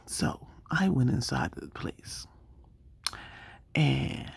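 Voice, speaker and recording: A woman casually telling a story, animated, acting out the people she quotes. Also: extremely low pitch, drawn-out words, vocal fry, slightly rough, dry recording, whispered. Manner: animated, acts out quoted dialogue.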